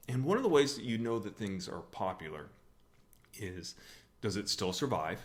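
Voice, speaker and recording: A man from the USA giving a humorous talk on scripture at a church, telling the story in a wry, animated way. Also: fairly low pitch. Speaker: church speaker.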